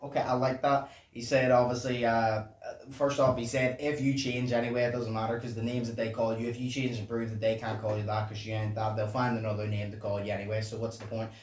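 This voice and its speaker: A man hosting a reaction channel, chatting casually and profanely in a low voice while he explains song lyrics. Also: flat delivery, quick pace. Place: home room at night. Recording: echoey room, distant mic, faint noise.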